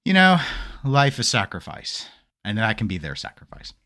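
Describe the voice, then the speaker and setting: A man hosting a podcast in casual chat, an animated storyteller who acts out quotes. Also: lowish voice, normal speed. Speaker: podcast host.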